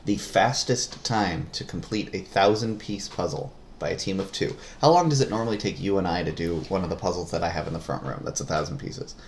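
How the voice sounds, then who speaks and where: A middle-aged man co-hosting a casual family podcast, explaining things in a relaxed way with plenty of fillers, on a sensitive microphone. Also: low voice, a little fast, few pauses, a little hiss or hum. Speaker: podcast co-host, parent. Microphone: sensitive studio microphone.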